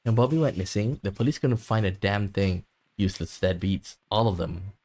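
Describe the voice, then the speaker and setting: A man's voice: fairly low pitch, normal speed, a little mellow. A man reading aloud the lines of a bitter, possessive mother in a game, grieving her missing son and lashing out. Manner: resentful, lashing out in grief.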